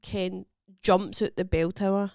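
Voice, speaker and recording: A Scottish woman co-hosts a comedy podcast, telling stories in a lively way and slipping into quoted voices. Her voice sits at a middle pitch for a woman. The sound is dry and close. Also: measured pace, vocal fry, no room sound. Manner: animated storytelling with quoted voices and laughter. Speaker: podcast co-host. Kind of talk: casual comedy chat. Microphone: podcast microphone.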